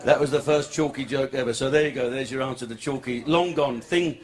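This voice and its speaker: A man's voice: medium pitch, brisk. An older man performing a crude, rambling, profane stand-up routine on a comedy club stage. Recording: live club with crowd laughter.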